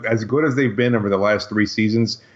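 Man, lower register, casual basketball podcast co-host; muffled lo-fi sound, conversational with dry asides. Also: a little fast. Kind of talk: casual sports talk. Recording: dull lo-fi audio.

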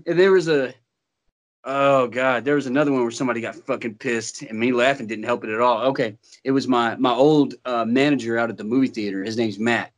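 A man's voice: mid-range voice, animated, normal speed, fairly bright tone. A man telling stories in casual chat, swearing and breaking into laughter often.

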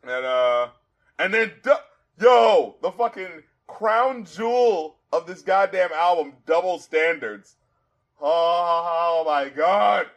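A man hosting a casual album review podcast, animated and profane, quoting lyrics aloud and laughing often. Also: on the high side, takes it slowly.

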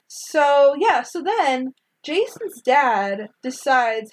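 A woman in casual chat recapping a movie, animated, laughing often and acting out characters' lines. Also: on the high side, measured pace, poor audio. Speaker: podcast co-host recapping a film.

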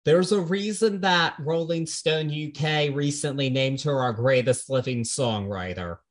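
Guy on a music podcast, kinda higher voice, earnest and thoughtful, casual chat. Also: a little slow. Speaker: podcast co-host.

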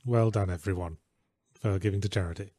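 A man's voice: low-pitched, steady tone, fairly quick, mellow, no room sound. A man co-hosting a casual stream, reading out donations in a dry, sarcastic way.

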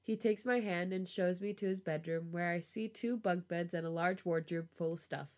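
A woman reading a romance story aloud on a podcast, with a relaxed storytelling voice. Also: on the low side, normal speed. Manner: laughs often, giggly reactions. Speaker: podcast host reading fan fiction aloud.

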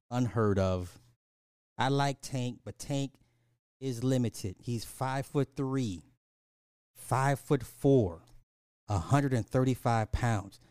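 A man's voice: medium pitch, a little mellow, smooth, no room sound, studio quality. A man hosting a podcast, rambling in casual commentary, laughing and apologizing for going off track. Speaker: podcast host.

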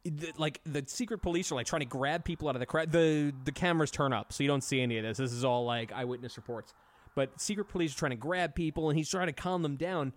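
A man chatting casually on a podcast, telling stories in an animated way with plenty of swearing. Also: a little high, fast. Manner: profane, animated storytelling. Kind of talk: casual chat.

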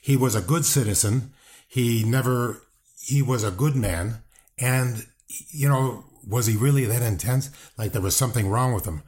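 A man's voice: mid-range voice, moderate pace, darkish tone. An older man speaking bluntly and defensively as an interview guest, with rambling restarts and swearing. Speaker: wrestling guest, brother of the subject. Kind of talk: casual interview talk.

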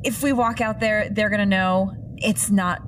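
A woman's voice: mid-range voice, steady tone, moderate pace, background noise. A woman playing in a tabletop role-playing game, speaking hesitantly with many fillers. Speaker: player. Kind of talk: casual chat during a tabletop game.

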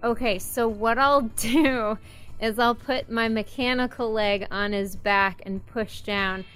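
A woman's voice: a little high, steady tone, slow pace, fairly bright tone, clear, resonant tone, soft background music. A woman playing a tabletop role-playing game, talking through her moves in an easygoing way. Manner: easygoing, thinks aloud with fillers. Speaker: player. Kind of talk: casual tabletop game chat.

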